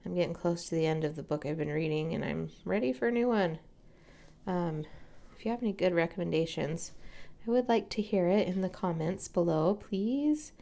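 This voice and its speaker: A young woman chatting casually while she paints, soft-spoken and often slipping into a whisper as she works. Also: lowish voice, moderate pace, gravelly. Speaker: watercolor crafting vlogger.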